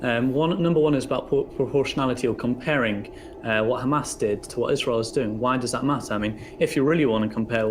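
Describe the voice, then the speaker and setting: A man's voice: medium pitch, quick pace, slight background noise. A man challenging a commentator with probing questions in a debate.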